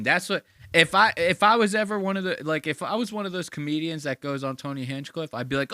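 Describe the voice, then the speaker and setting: A man hosting a podcast in casual commentary, excitable, slangy and profane. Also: on the high side, quick pace, few pauses, dry recording, studio quality. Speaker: podcast host.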